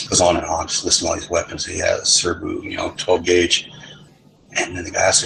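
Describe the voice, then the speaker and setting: A middle-aged man tells rambling, profane stories in a casual chat. His voice sits a little low and has a gravelly edge, with faint noise underneath. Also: fairly even intonation, a little fast, a bit bright, rough recording. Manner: rambling storyteller, swears a lot. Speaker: lobby chat participant.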